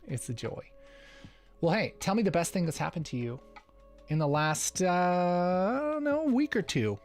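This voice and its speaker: Male livestream host, playful, chuckles a lot, light voice, soft music underneath. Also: sits high, animated, unhurried. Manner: playful, chuckles often, reads chat aloud. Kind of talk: casual livestream Q&A.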